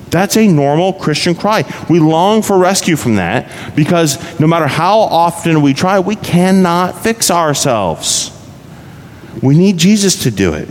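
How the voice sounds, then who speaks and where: This pastor's conversational sermon is full of rhetorical questions aimed at his listeners. He has a fairly high, animated voice and a measured pace, and the sound carries a hall's reverb along with faint background noise.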